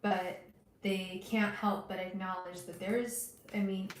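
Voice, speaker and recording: Gentle tarot reader woman, echoey room. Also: mid-range voice, flat delivery, slow pace, a little hiss or hum. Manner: gentle, soothing, talks straight to viewers; emotional, hesitant restarts. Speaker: tarot reader livestream host. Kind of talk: casual livestream reading.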